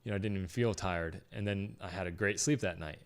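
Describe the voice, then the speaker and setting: A man co-hosting a podcast, talking eagerly and backing his partner with quick agreement. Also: deep voice. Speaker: podcast co-host. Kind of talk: casual podcast conversation.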